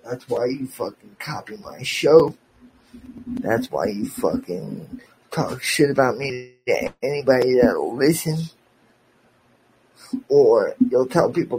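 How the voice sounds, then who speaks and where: A man's voice: mid-range voice, animated, takes it slowly, pauses often, a little mellow, a little hiss or hum, rough recording. A man hosting a podcast, delivering an angry, profane, sarcastic rant aimed at a former friend.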